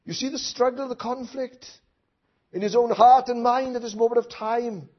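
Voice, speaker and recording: A man preaching a sermon who swings from hushed asides to loud impassioned outcries, with many rhetorical questions to his listeners. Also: very high-pitched, fairly even intonation, moderate pace. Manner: tag questions and rhetorical questions to the congregation. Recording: dull lo-fi recording.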